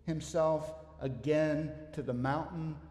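A man's voice: fairly high pitch, steady tone, takes it slowly, dark tone. A man preaching a sermon as a pastor, emphatic and repeating his key phrases. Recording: echoey hall reverb.

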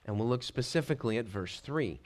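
A man giving an expository sermon, reading scripture aloud and walking through it verse by verse. His pitch sits in the middle range, and he pauses now and then to clear his throat. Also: animated. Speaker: pastor.

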